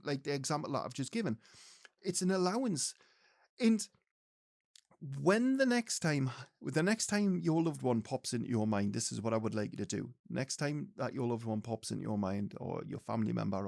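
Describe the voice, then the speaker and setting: A man's voice: a little high, gravelly, darkish tone, no echo, clean studio sound. A man teaching mediumship, speaking earnestly and directly to his listeners. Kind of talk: spiritual teaching talk to viewers.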